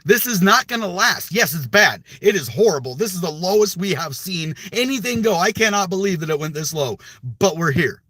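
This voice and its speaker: Ranting young man, bright dry voice. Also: sits high, expressive, fairly quick, hardly any pauses, husky, no room sound. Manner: passionate, ranting, repeats words, rhetorical questions. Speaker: crypto video host. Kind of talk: emphatic crypto commentary to camera.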